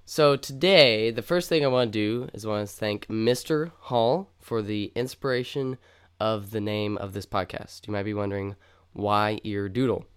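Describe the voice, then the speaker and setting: A man's voice: lowish voice, moderate pace, clear, resonant tone. A young man co-hosting a casual podcast, chatty and upbeat, rambling with lots of fillers. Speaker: podcast co-host.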